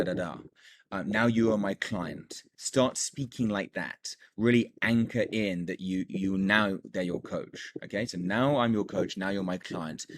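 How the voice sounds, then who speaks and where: A man coaching other coaches on closing sales calls, talking casually and with energy, repeating his points and acting out bits of dialogue. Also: low voice. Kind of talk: casual teaching monologue.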